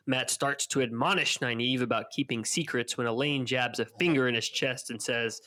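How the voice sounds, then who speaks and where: A man's voice: a little fast, pushed and bright. Man recapping chapters on a podcast. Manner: retells chapters, voicing characters' lines with a lifted pitch. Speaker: podcast co-host. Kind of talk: casual book-club recap.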